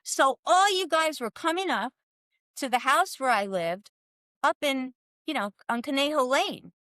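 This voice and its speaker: A woman in her sixties telling lively stories in a casual podcast interview, acting out the voices of people she quotes. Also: high voice, measured pace, no room sound, clean studio sound. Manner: animated storyteller, acts out quoted voices, laughs often. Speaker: guest, former team soigneur.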